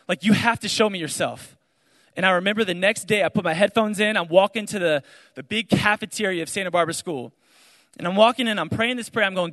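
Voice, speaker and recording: Animated young man telling his testimony. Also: high-pitched, fairly quick. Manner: animated storytelling, acting out quoted voices. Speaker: speaker sharing his testimony. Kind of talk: testimony talk to a crowd. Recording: large hall reverb.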